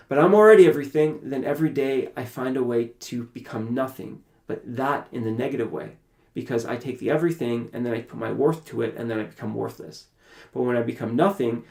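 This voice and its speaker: Man from canada, gravelly voice, lively storytelling, echoey room. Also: mid-range voice. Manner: animated, acts out his own past dialogue. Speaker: podcast guest. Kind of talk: personal storytelling.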